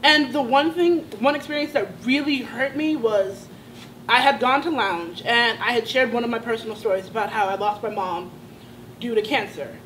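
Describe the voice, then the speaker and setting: A young college woman speaks at a student sit-in, telling her own story with passion and rising indignation. Her voice sits high, and it builds from quiet, hurt moments into heated outbursts. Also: normal speed, slight background noise, low-quality recording. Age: young adult. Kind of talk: personal testimony at a student sit-in.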